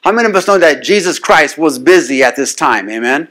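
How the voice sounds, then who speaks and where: A man's voice: a little high, expressive, brisk, a bit bright. A man preaching a sermon, punctuating lines with "amen?" and building into insistent, repeated declarations. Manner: call-and-response, frequent "amen?" to the congregation; builds to rising, insistent repetition.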